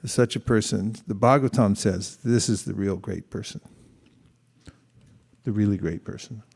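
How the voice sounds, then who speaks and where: A man with a low, mellow voice gives a relaxed, conversational sermon, stopping to read scripture aloud and reflect on it. His voice rings out with a long reverb, as if in a large hall. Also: moderate pace, gravelly, breathy edge. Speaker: speaker giving a scripture class.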